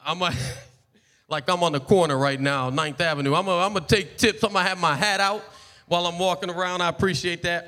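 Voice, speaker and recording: A man's voice: sits high, moderate pace. A man from Detroit, a rapper and street performer, rhyming with a rhythmic delivery and casual spoken asides on a city street corner. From Detroit, USA. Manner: rhythmic, rhyming delivery with hype call-and-response. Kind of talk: freestyle rapping with casual asides. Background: loud hip hop beat.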